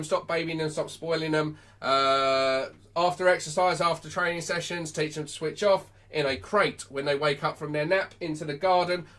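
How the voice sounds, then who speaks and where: A man's voice: fairly high pitch, fairly bright tone. A man, a dog trainer giving blunt, sweary advice on a live stream.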